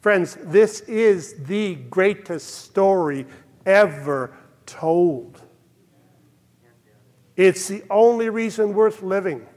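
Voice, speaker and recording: A man's voice: high-pitched, lively intonation, extremely slow, pauses often, darkish tone, big-room sound. An older man preaching a sermon in a church, earnest and emphatic, his voice rising to exclamations. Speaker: pastor.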